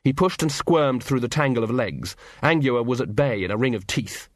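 Guy narrating an audiobook, wry measured tone, mid pitch, dry close sound. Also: expressive, no echo. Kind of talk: scripted narration.

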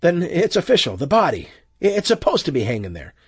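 A frantic, high-voiced middle-aged shopkeeper cries out in an audiobook scene, as a man puts him on. The voice is husky and strained, and the dry, close sound keeps every shout near. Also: wildly swooping pitch, a little fast, no echo, exaggerated voice. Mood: pleading. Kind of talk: audiobook character voice.

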